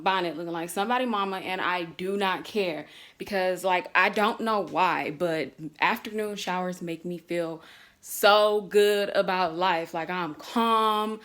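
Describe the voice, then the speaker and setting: A woman in her twenties chatting casually to her viewers in a vlog, relaxed and candid, with lots of "like" and "um" fillers. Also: lowish voice. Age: 20s. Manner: warm and candid, talking straight to viewers. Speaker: vlogger.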